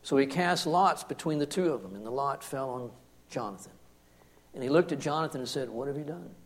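A man preaching a sermon, commenting on scripture in an emphatic way that swings from hushed to forceful. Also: mid-range voice, brisk. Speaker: pastor.

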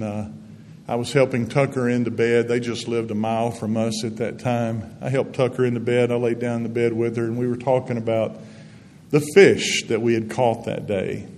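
A man in his sixties, a guest speaker giving a folksy, earnest testimony in a church setting. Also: mid-range voice. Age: 60s. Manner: folksy storytelling, gentle and earnest. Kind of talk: testimony-style sermon. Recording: long reverb in a hall, faint background noise.

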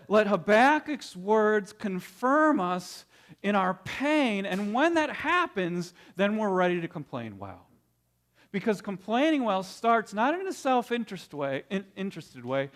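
A man preaching a sermon in an earnest way, often repeating words as he builds to a point. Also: sits high. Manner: tells a story with quoted voices. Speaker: pastor.

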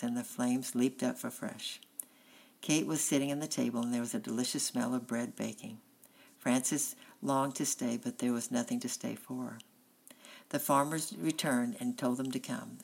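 A woman narrates a children's storybook in a steady, unhurried voice. Her pitch is strikingly low, and a gravelly creak runs under her words. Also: low-quality recording. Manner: steady, plain reading. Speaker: audiobook reader.

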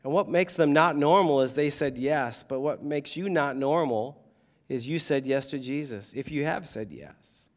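Casting: male pastor, slightly high voice, animated conversational sermon delivery. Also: moderate pace. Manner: animated, conversational preaching with humor.

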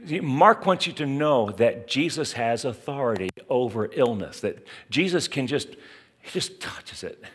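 Brief: a conversational male preacher, expressive and lively, mid pitch, talking straight to the congregation. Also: unhurried, husky. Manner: animated, conversational preaching with asides to listeners. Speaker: pastor. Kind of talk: sermon.

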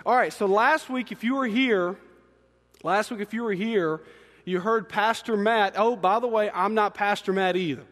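A young man preaching an energetic, joking sermon as a student ministry pastor, talking fast and excitedly. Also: high-pitched, in a large hall. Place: church sanctuary.

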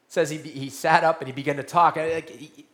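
A man preaching a sermon, animated, repeating key phrases and dropping to a hushed voice for emphasis. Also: fairly high pitch, moderate pace. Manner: animated preaching, repeats key lines, drops to quiet soft tones for emphasis. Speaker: pastor.

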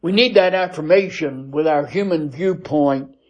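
A man teaching a Bible lesson, reading scripture aloud in a measured cadence and pausing often with "uh" as he explains. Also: a little high, a little mellow, lo-fi sound. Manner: slow, deliberate teaching with frequent "uh" pauses.

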